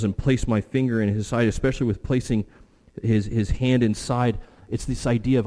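A pastor giving a sermon, emphatic, acting out the quotes he reads and dropping to a hush for weight. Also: medium pitch, fairly even intonation, moderate pace.

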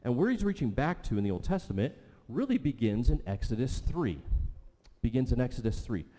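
A man's voice: mid-range voice, sing-song, a little fast, dark tone. A middle-aged man teaching a sermon to a congregation, chatty and often checking in with "okay" and "right". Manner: conversational, repeats okay and right. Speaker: pastor. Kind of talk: sermon teaching with audience questions. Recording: long hall reverb.

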